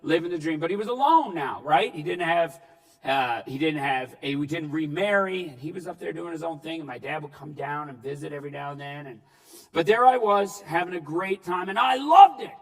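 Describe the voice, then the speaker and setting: A man giving a comedic keynote talk, telling stories in an animated way and shouting punchlines. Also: a little high, a little fast, far from the mic. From Newfoundland, Canada. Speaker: keynote speaker. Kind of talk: comedic storytelling speech. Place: large hall before an audience. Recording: reverberant hall, speaker off-mic.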